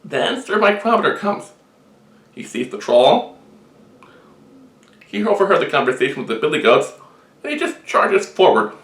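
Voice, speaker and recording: A man telling a long shaggy-dog joke with deadpan storytelling. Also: fairly high pitch, normal speed, pauses often. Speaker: joke teller. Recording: roomy echo.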